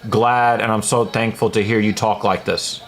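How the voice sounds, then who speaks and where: A man's voice: lowish voice, flat delivery, normal speed. Blunt chatty man reading live chat. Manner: chatty, frequent fillers, blunt opinions. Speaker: livestream host reading chat. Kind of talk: casual livestream commentary.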